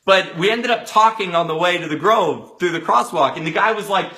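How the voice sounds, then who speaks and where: Guy giving a pumped-up motivational talk, high bright voice, acts out everybody in his story. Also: a little fast. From Los Angeles area resident. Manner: animated, acts out quotes with loud outbursts. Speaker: motivational speaker. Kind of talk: energetic storytelling monologue.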